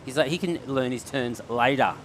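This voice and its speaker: A man's voice: mid-range voice, moderate pace, a bit bright, slight background noise. A middle-aged Australian man doing live surf commentary, chatty and laughing often as he tells stories. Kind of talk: live sports commentary banter.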